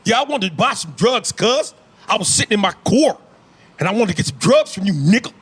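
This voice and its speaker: A man's voice: sits high, animated, brisk, breathy edge, voice pushed up. A man putting on a young male Los Angeles gang member who drawls slang and ends his lines with "cuz". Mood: easygoing. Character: young male LA street gang member, laid-back hustler.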